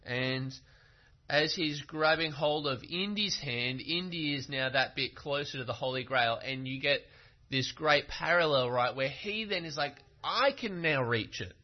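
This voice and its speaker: A male preacher delivers his sermon slowly and deliberately, leaning on rhetorical questions to drive points home. His voice sits at an ordinary middle pitch. The recording is muffled and lacks top end. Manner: storytelling, emphatic, with rhetorical questions.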